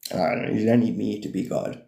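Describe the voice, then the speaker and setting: Mellow-voiced man rambling on a livestream. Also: fairly low pitch, fairly even intonation, fast, vocal fry, reverberant. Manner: rambling, swears freely, laughs often. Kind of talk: casual livestream chat on spirituality.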